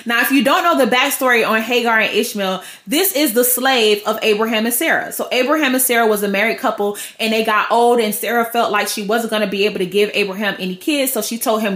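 High bright-voiced woman podcast host. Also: a little fast, few pauses. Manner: casual, slangy, storytelling. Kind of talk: devotional teaching. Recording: roomy echo.

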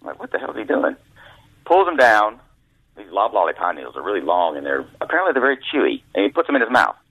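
A man's voice: fairly low pitch, huge pitch swings, fast, dry recording. A man telling folksy anecdotes as a guest in an interview, acting out other people's voices, heard over a dry, tinny phone line. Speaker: guest author, former caddy. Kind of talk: storytelling interview.

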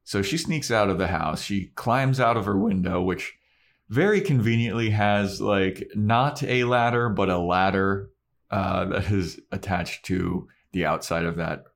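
A man with a somewhat low voice hosting a podcast. He recaps an episode in loose, casual chat, telling it as a lively story. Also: measured pace, vocal fry. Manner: animated storyteller. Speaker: podcast host.

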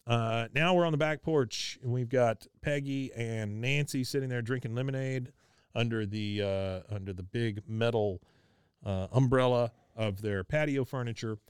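A man's voice: medium pitch, moderate pace, smooth, no room sound, clean studio sound. A man hosting a podcast, chatting casually as he recaps a cartoon episode and laughing as he goes. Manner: chatty, laughs often, many fillers. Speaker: podcast host.

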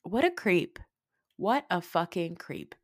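A woman hosting a podcast, giving a casual, opinionated reality TV recap, swearing freely and mocking people with quick impressions. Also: lowish voice, big pitch swings, no room sound, clean studio sound. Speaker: podcast host.

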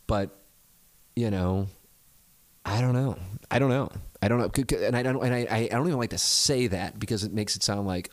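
A man's voice: on the low side, a little fast, no echo. A man in his forties hosting a podcast, talking candidly and self-deprecatingly, hesitant and rambling, swearing freely. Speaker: podcast host. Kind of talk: candid reflective chat.

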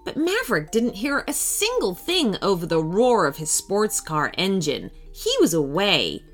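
A woman narrating a children's story with an expressive, animated reading. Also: mid-range voice, a little slow, faint music behind.

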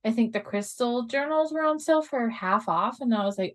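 A woman's voice: fairly high pitch, lively intonation, moderate pace. A middle-aged woman, a self-published author, chatting casually and laughing often. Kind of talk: casual chat.

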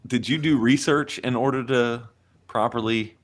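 A man's voice: medium pitch, steady tone, moderate pace, a little hiss or hum. A man co-hosting a podcast, joking and firing off questions. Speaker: podcast co-host. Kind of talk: casual chat.

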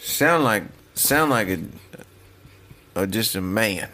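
A man's voice: fairly low pitch, lively intonation, slow pace, sharp tone. A man co-hosting a podcast, joking in casual banter and arguing in a playfully stubborn way. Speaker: podcast co-host.

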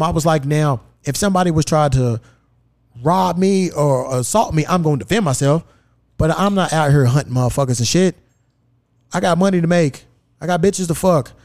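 A man hosting a podcast, telling a story in casual, profane chat and acting out the dialogue. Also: a little high. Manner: profane, animated, acts out quoted dialogue. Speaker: podcast host. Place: podcast studio.

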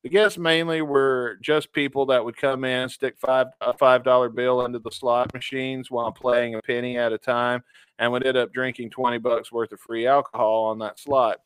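A man with a smooth, resonant voice co-hosts a casual podcast, reading out listener stories in an easy, laid-back way. The sound is dry and close, with no room around it. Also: mid-range voice, level tone, normal speed, a bit bright, no room sound. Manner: laid-back, reads stories aloud and ranks them, chuckling. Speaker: podcast co-host.

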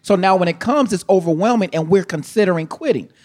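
A high-pitched man co-hosts a live show, unpacking what a guest just said. He speaks with sermon-like emphasis and repeats phrases as he works to drive home each point. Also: fast, darkish tone. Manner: emphatic, repeats himself, checks in with listeners. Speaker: podcast co-host. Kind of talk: hype-filled preacherly commentary.

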